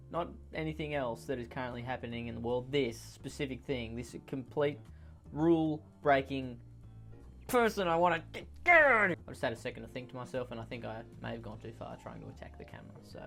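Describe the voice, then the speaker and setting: A man's voice: medium pitch, lively intonation, fairly quick, creaky, a bit bright, faint music behind. A man giving sarcastic reaction commentary, ranting and mocking with exasperation. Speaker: comedy commentator.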